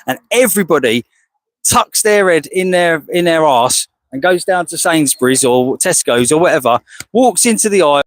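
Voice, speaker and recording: A man's voice: on the high side, expressive, normal speed, dry recording, rough recording. An English man speaking outdoors as an animal rights activist, combative and rhetorical, firing questions and calling people "mate". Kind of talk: heated confrontational monologue. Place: outdoors outside a slaughterhouse.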